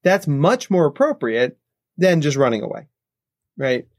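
Male psychologist guest, mid-pitch voice, explanatory podcast delivery, often checks in with "right?", dry close mic. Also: big pitch swings, unhurried, no echo. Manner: explanatory, tags points with "right?". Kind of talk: podcast interview answers. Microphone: podcast microphone.

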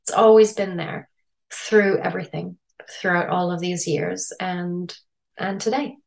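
A woman's voice: on the low side, steady tone, unhurried, creaky, darkish tone. Reflective Canadian woman, middle-aged. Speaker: podcast guest. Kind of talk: interview storytelling. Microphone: remote call.

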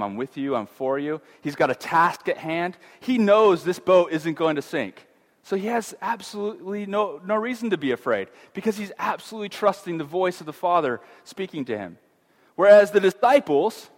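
In a long, reverberant hall, a middle-aged man delivers an informal Bible teaching, conversational and full of fillers and restarts. When voicing fear, he lets his pitch climb.

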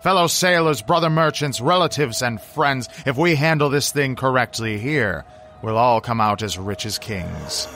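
A man's voice: mid-range voice, animated, moderate pace, fairly bright tone. Man putting on a greedy captain, persuasive, rousing, faint music underneath. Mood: scheming. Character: greedy scheming male ship captain.

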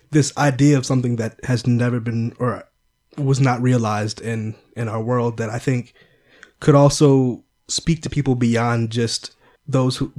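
A man's voice: medium pitch, a little mellow. A man in a casual movie discussion who talks thoughtfully and often restarts his phrases.

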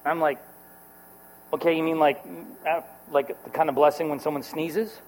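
High-voiced man preaching in a hall. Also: flat delivery, moderate pace, a little mellow. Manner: storytelling, acts out quoted voices, laughs between lines. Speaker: pastor. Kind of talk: sermon with personal story. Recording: reverberant hall with mains hum. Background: mains hum.

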